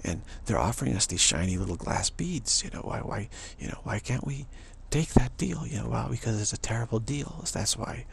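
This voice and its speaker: A man with a gravelly, fairly low voice talks through a rambling spiritual monologue. He tells it like an animated storyteller, repeating words and restarting his sentences. A faint hiss sits under the recording. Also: brisk, few pauses. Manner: repetitive, restarts often. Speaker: spiritual speaker.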